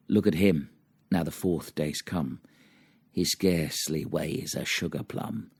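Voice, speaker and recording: A man's voice: low-pitched, unhurried, creaky, a little mellow, slightly rough, no echo. A man reading old cautionary children's verse aloud in a dramatic, rhythmic recitation. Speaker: reader.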